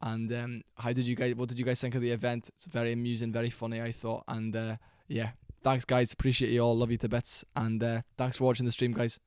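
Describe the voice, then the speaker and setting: A young man giving a casual, rambling reaction commentary, tired and low on energy, with fillers and swearing. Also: completely flat delivery, a little fast, hardly any pauses, a little mellow, clean tone, dry recording, clean studio sound. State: sleepy, worn out. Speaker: MMA reaction channel host.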